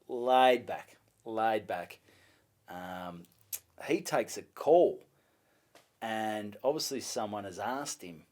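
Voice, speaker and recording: An Australian comedian telling a lively story on a podcast, swearing and acting out other people's voices. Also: male voice, fairly low pitch. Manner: animated, swearing, acts out voices. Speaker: comedian guest.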